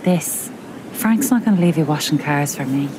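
A woman's voice: low voice, lively intonation, normal speed. An actress playing a worried woman who presses a man with probing questions. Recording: drama clip with street noise.

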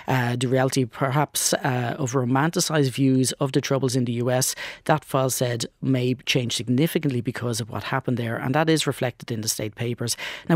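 A man reporting on archive state papers in a measured, informative radio news discussion. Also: medium pitch, no room sound, studio quality. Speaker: news correspondent.

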